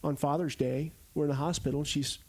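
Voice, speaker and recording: A man's voice: fairly high pitch, fairly even intonation, quick pace, a little mellow. A man in his forties from Arizona, a podcast guest telling stories casually and animatedly, acting out the quotes. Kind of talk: casual storytelling.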